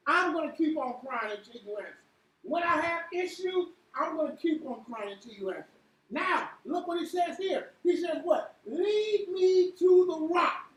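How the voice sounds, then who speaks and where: A woman leading an interactive church Bible lesson, quizzing the room with repeated "what?" and building to shouts. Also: extremely high pitch, lively intonation, normal speed. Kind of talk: interactive sermon with call and response. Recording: echoey room from far off, faint hiss.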